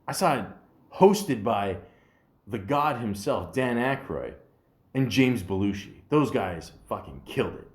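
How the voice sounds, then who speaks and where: A man's voice: on the low side, big pitch swings, unhurried. A man hosting a podcast, talking in a rambling, joking monologue full of swearing and fillers. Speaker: podcast host.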